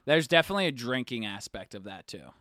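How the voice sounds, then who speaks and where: A young man co-hosting a casual chat, playful and teasing, quick to agree. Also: mid-range voice, very animated, pushed and bright, dry recording, clean studio sound. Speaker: podcast co-host.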